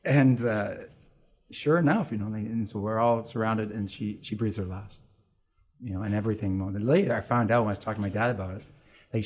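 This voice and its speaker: Husky-voiced priest telling a family story. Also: male voice, lowish voice, darkish tone. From Canada. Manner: emotional, halting storytelling with laughter. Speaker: priest guest. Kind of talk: personal storytelling interview.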